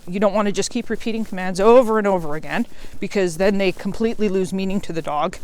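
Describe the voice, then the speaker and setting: Woman dog trainer explaining outdoors. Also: on the low side. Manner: friendly, plain explaining with occasional fillers. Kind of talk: instructional vlog while walking dogs. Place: outdoors on a forest trail.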